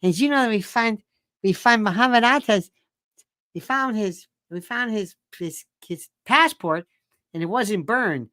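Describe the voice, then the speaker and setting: A man's voice: high-pitched, a little slow, pushed and bright, no echo. Earnest conspiracy investigator guy, as a talk host mocks him, dry sound.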